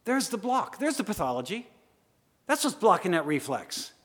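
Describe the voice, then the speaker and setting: A man preaching a sermon, swinging from loud urging to hushed asides. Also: high-pitched, sing-song, moderate pace, slightly rough. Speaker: pastor. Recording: long hall reverb.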